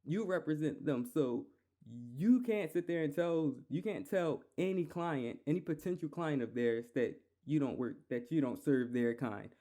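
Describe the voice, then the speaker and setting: Philly guy going off on his podcast, swears a lot, repeats himself, mellow voice pitched a bit high. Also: moderate pace. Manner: heated, profane, repeats himself. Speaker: podcast host. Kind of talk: solo podcast rant.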